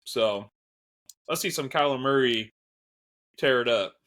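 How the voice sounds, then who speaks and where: A man's voice: medium pitch, measured pace, fairly bright tone. A man co-hosting a casual fantasy football podcast, laid-back and laughing, often agreeing with his partner. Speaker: podcast co-host.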